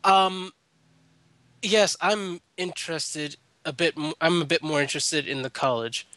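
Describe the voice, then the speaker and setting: A hesitant young woman mage, voiced by a man in his own bright voice, who talks in halting starts and restarts. The sound is dry and close. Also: fairly high pitch, no echo.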